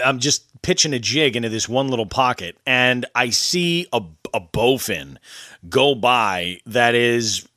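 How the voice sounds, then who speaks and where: A man's voice: medium pitch, a bit bright, no room sound, studio quality. A male podcast host in casual chat, easygoing, laughing often and restarting his sentences.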